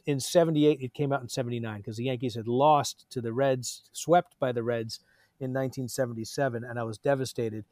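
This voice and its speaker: A man in his fifties, an actor telling a rambling, animated story in a casual interview. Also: mid-range voice, dry recording, clean studio sound.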